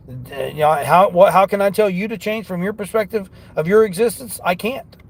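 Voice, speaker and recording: A man vlogs from his car during delivery runs, talking casually while driving in an earnest, rambling, motivational way. His voice is on the high side with a darkish tone.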